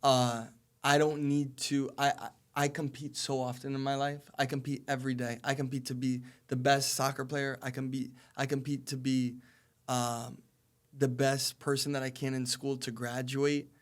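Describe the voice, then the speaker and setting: A man's voice: mid-range voice, little pitch movement, moderate pace. A man in his twenties, a college soccer player, talking earnestly as a podcast guest and repeating phrases for emphasis. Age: 20s. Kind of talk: casual podcast conversation.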